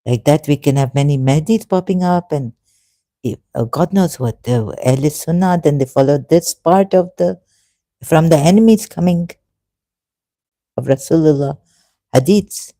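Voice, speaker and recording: This religious video commentator's voice is dark and on the high side, captured in a dry recording. He addresses the camera in an emotional monologue, halting, restarting and using fillers as he pleads earnestly.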